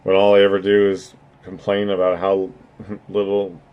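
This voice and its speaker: A man's voice: low-pitched, monotone, moderate pace, smooth, lo-fi sound. A man chatting casually on his livestream, rambling and earnest, swearing freely as he thanks his viewers. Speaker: streamer.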